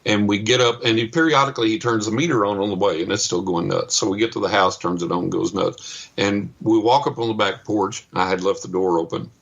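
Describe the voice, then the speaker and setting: A middle-aged man telling a story as a guest on a radio interview, animated and acting out the other people's lines. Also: lowish voice, brisk, vocal fry, muffled recording. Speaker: psychic and paranormal investigator, guest.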